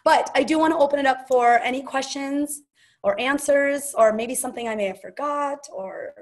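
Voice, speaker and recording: A woman's voice: high-pitched, normal speed. A woman hosting a casual team call, telling stories and quoting people in a chatty, gushing way. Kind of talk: casual storytelling chat.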